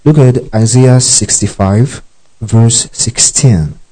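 Man, preacher, verse-by-verse Bible teaching, repeats key lines, keeps asking if listeners follow, mellow tone. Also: mid-range voice, slow pace, low-quality recording. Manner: checks understanding often, repeats key phrases; tells listeners to underline verses.

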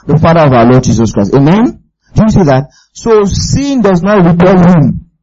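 Male preacher, warm husky voice, emphatic and probing, dull lo-fi recording. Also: on the high side, big pitch swings, moderate pace. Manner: emphatic, keeps asking the audience if they follow. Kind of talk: sermon.

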